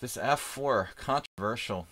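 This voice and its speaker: A man streaming live chess, thinking aloud in casual commentary with many fillers and pauses. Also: medium pitch, bright, forceful tone.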